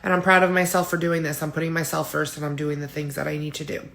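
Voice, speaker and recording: A woman's voice: low-pitched, flat delivery, fast talker, gravelly, a bit bright. A woman in her forties vlogging to camera, candid and emotional, with frequent fillers and small laughs. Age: 40s. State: tearful at times. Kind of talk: personal vlog talking to camera.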